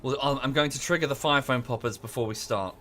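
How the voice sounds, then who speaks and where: A man's voice: medium pitch, fast talker, a bit bright, faint music behind. A young English man chatting casually with his stream chat while playing a strategy game, often correcting himself mid-sentence. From England. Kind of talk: casual livestream chat over gameplay.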